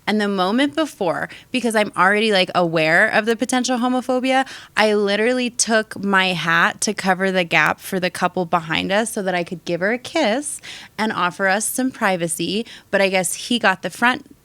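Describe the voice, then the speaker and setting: A woman's voice: medium pitch, normal speed, no echo. A young woman hosting a casual podcast chat, telling stories bluntly and swearing freely. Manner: animated, blunt storyteller who swears freely. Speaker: podcast host.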